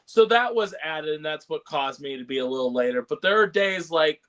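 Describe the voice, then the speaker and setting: A man's voice: a little high, expressive, brisk, fairly bright tone. A man co-hosting a casual podcast chat, rambling with lots of fillers and laughs. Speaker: podcast co-host.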